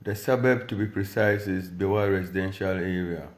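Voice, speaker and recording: A man's voice: low-pitched, fairly even intonation, moderate pace, echoey room. A man from Ghana with a Ghanaian accent, a rapper and radio presenter, taunting a rival in a boastful diss video, switching between English and Dagbani. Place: at home.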